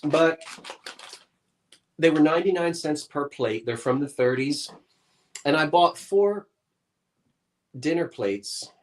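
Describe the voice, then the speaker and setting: A man's voice: a little high, lively intonation, slow pace, long pauses. A man co-hosting an antiques show, chatting casually and explaining vintage glassware in detail.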